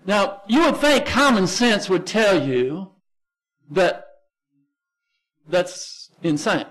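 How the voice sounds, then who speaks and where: Texan pastor guy, kinda high voice, chatty sermon, slows way down to hammer points. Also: sing-song, fairly bright tone, poor audio. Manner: emphatic, conversational preaching with slow stressed phrases.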